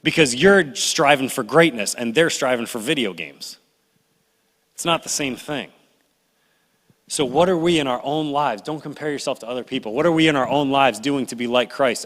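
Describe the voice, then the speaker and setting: Bright-voiced male pastor in a reverberant hall. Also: medium pitch, normal speed. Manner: animated storytelling, acts out complaining voices. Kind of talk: sermon. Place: church sanctuary.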